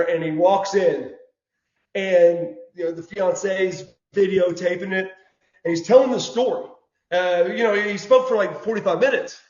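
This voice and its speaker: A man, telling stories casually as an interview guest, animated and prone to repeating words. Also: high voice. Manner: animated storyteller, says "brother", repeats words. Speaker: guest, former wrestler. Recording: dull lo-fi audio in an echoey room.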